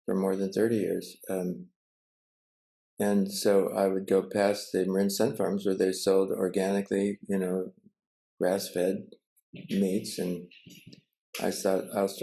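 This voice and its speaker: An older man with a gravelly, mellow, low voice tells a story. He talks haltingly, with pauses and restarts, heard through a video call mic. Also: poor audio. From United States. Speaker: Zen teacher and cook. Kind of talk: casual storytelling.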